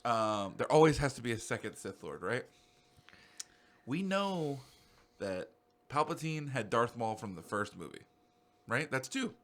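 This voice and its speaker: A young man co-hosting a podcast in casual chat, rambling excitably and swearing freely. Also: medium pitch, measured pace, long pauses. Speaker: podcast co-host.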